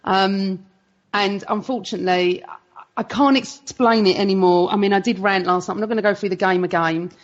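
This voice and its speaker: A woman, a guest on a podcast, talking in an animated way and ranting with plenty of swearing. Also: medium pitch, a little fast, dull audio. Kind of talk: casual podcast chat.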